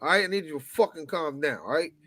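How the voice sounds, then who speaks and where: A man's voice: fairly high pitch, fast talker, a crowd in the background, lightly acted. A man playing a hot-tempered mob bar owner. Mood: bossy. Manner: bossy, hot-tempered, swearing, says calm down over and over. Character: blustering Italian-American mob bar owner, touchy. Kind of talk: comedic improv bit on a podcast.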